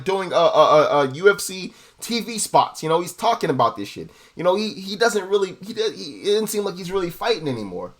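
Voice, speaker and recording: A young man riffs through a casual fight breakdown, his pitch sitting a bit high and leaping around as he gets worked up. He swears constantly, stumbles into repeats, and peppers everything with bro and dude. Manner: profane, excitable, repeats himself, says bro and dude. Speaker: MMA analysis host. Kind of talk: casual fight analysis monologue.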